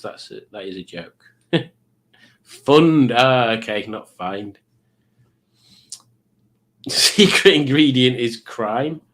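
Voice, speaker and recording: A middle-aged man hosts a live quiz stream in casual chat. He rambles, teases and pokes fun at himself. His voice sits at an everyday middle pitch. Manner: chatty, rambling, teasing and self-mocking. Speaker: livestream quiz host.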